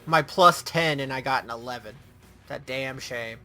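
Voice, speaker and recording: A man's voice: mid-range voice, moderate pace, pushed and bright, soft background music. A man playing a tabletop game, joking and swearing as he reacts to the game master. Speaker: player. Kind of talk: casual banter at the gaming table.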